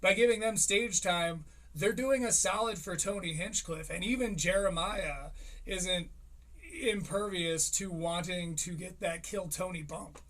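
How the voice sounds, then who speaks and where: A man's voice: sits high, measured pace. A man in his thirties giving rambling, profane comedic commentary on a live stream. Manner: rambling, profane, animated impressions.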